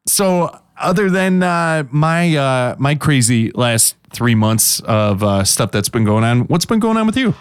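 Lively newlywed man chatting casually. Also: mid-range voice, unhurried, hardly any pauses, clean tone, no echo, studio quality. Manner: animated, swearing, laughing often. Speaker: podcast co-host. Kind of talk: casual chat.

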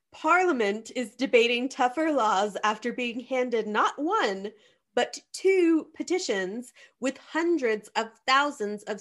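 A woman's voice: a little high, a bit bright. A woman hosting a casual comedic show, reading news items with dry, wry asides. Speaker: host.

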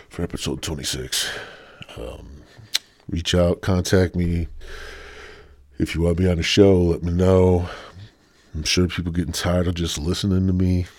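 A man's voice: low voice, darkish tone, dry recording, clean studio sound. A man hosting his own podcast alone, rambling and swearing constantly, sighing and feeling a little sick as he talks. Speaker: podcast host. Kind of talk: rambling solo podcast rant.

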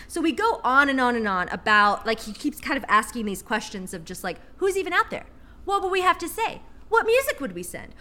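A woman's voice: high-pitched, big pitch swings, fast talker, sharp tone. A woman co-hosting a casual chat, rambling with many fillers and casual swearing, reading a book passage aloud. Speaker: podcast co-host.

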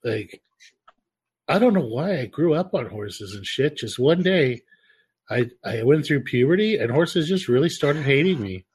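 A man telling profane, animated stories in casual podcast chat. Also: mid-range voice, measured pace, husky. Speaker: podcast co-host.

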